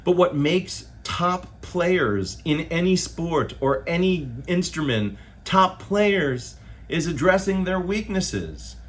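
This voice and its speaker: Laid-back male bassist ranting to camera; slangy, profane, pitch jumping around, sits a bit high. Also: slow pace. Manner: animated and loose, with slang and swearing. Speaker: bass player. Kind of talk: casual opinion monologue to camera.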